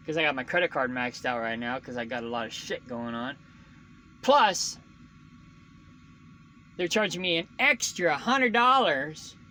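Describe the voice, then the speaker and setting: Man, trucker vlogger, venting rant, sharp tense voice, some swearing, faint hiss behind. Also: on the high side, rough recording. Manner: frustrated, ranting, swears often. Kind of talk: casual venting monologue.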